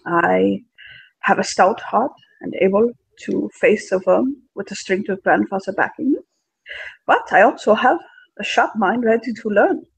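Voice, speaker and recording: High-voiced man with a gravelly, husky edge, earnestly pitching himself in a tabletop game, close and dry. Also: no echo, low-quality recording. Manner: earnest, halting pitch with fillers. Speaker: player. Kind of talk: in-character tabletop role-play.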